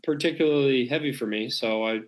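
A man co-hosting a casual chat, telling stories with a joking, animated manner. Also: medium pitch, fairly quick.

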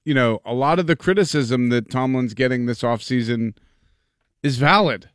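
A man's voice: mid-range voice, moderate pace, dry recording, studio quality. A man co-hosting a sports radio show, chatting casually and throwing in teasing jokes. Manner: joking, teasing interjections.

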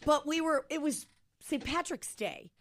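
A woman's voice: high-pitched, measured pace. A woman from Ohio co-hosting a radio talk show, telling stories in a casual chat and acting out the quoted lines. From Ohio, USA. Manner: animated, acts out quoted dialogue.

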